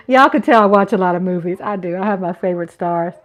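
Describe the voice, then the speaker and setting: A woman in her fifties hosting a casual livestream, reading chat comments aloud with playful giggles and little sung riffs. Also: lowish voice. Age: 50s. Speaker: livestream host.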